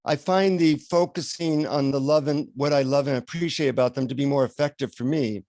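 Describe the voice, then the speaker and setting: A man telling an animated anecdote as a guest on an interview show. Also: mid-range voice, brisk, no echo. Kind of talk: storytelling in an interview. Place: radio show recording.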